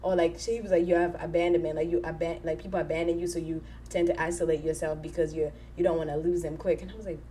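A woman's voice: low voice, flat delivery, fast, hardly any pauses, warm tone, a little hiss or hum, poor audio. A woman in her twenties from Kenya, talking candidly as a podcast co-host, rambling with many fillers. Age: 20s. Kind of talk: casual chat.

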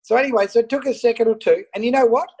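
An Australian man, a fishing photographer, telling an animated story over an internet call and acting out the dialogue. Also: very high voice, very fast, breathy edge, poor audio. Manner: animated anecdote, acts out dialogue. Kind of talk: casual storytelling.

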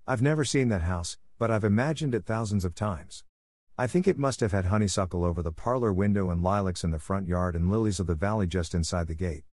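A man's voice: lowish voice, darkish tone, dry recording, studio quality. A man reading the part of an eager, dreamy eleven-year-old orphan girl in an audiobook, in a gushing way.

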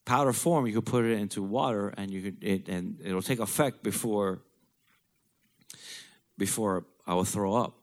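A man's voice: on the low side, moderate pace, pitched above the performer's own voice, close to an everyday voice. A man putting on his chipper old father. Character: older disabled father, matter-of-fact, stubborn.

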